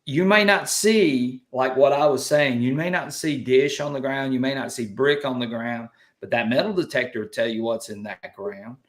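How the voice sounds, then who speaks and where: A man's voice: mid-range voice, moderate pace, few pauses, roomy sound. A man with a Southern US accent hosting a casual live chat, folksy and upbeat as he reads out viewer comments. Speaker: livestream host.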